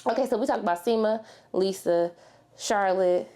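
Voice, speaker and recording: A woman's voice: mid-range voice, moderate pace, mellow. A woman chatting animatedly as a TV reviewer, slangy and talking straight to her viewers. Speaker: TV show reviewer. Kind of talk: casual review chat with personal story.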